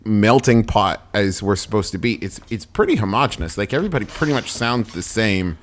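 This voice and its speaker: A man co-hosts a comedy podcast in a fairly low voice with lively swings in pitch. He talks in long, hedging rambles that build a theory as he goes. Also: fairly quick, slight background noise. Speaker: podcast co-host.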